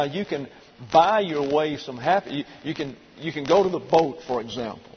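Methodical male Bible teacher, reverberant hall. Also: on the high side. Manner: methodical, spells out Greek words letter by letter. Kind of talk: verse-by-verse Bible lesson. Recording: dull lo-fi recording in a reverberant hall with faint noise.

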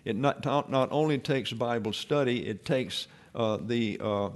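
This mid-range male voice belongs to a Bible teacher working through an expository lesson; he explains things in a measured manner, with pauses and fillers.

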